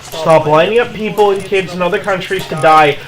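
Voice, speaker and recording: A man with a fairly high voice in a furious, sarcastic rant. He hammers his points with repeated taunting questions, talking like a fed-up streamer. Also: a little fast, fairly bright tone, rough recording. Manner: heated, sarcastic, repeats "how about that". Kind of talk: angry political rant.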